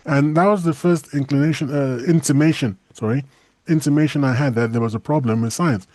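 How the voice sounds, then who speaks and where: Chatty podcast guy, kinda high voice, laughs a lot, trips over his words. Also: a little fast, no echo. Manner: chatty, animated, laughs often, stumbles and restarts. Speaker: co-host. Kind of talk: casual podcast discussion.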